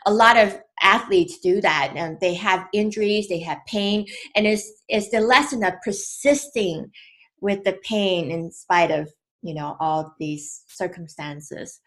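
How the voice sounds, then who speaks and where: A woman in her thirties gently telling a personal story about her young son, in a casual, unhurried way. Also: medium pitch.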